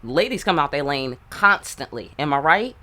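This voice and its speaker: Low-voiced New woman tarot reader, brash and profane, with a no-nonsense advice style. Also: sing-song, normal speed, pushed and bright. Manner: blunt, profane, streetwise, full of rhetorical asides. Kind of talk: casual channeled reading.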